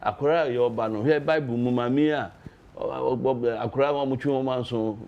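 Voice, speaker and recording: Animated Ghanaian male party official. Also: medium pitch, fairly quick, lo-fi sound. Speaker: political party official, guest. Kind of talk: political debate talk.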